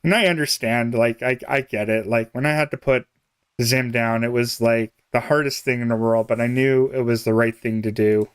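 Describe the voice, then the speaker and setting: A man's voice: mid-range voice, fairly even intonation, moderate pace, clear, resonant tone, dry recording, studio quality. A young man chatting casually on a game live stream, rambling, chuckling often and trailing off mid-thought. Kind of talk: casual live-stream chat while playing.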